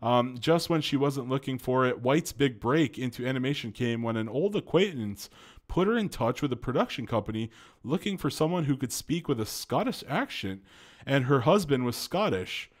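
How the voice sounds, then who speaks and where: A man's voice: medium pitch, animated, normal speed. A man hosting an online video, reading a news article aloud and breaking in with his own reactions, filler words and remarks to viewers. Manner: reads aloud with frequent interjections and fillers, addresses viewers as folks.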